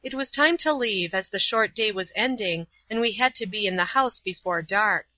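A woman narrating a storybook in a steady, clear reading voice. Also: mid-range voice, normal speed, no echo. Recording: dull, dry lo-fi recording.

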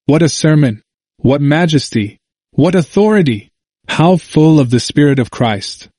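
A man voicing an ailing male reformer in an audiobook, reading his plaintive letter and exclamations with raised pitch. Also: moderate pace, a little mellow, dry recording, clean studio sound, natural voice. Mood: elated.

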